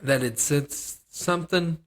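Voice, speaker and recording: A man's voice: a little high, measured pace, fairly bright tone, a little hiss or hum. A man co-hosting a casual podcast chat, rambling and hedging with many restarts. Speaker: podcast co-host.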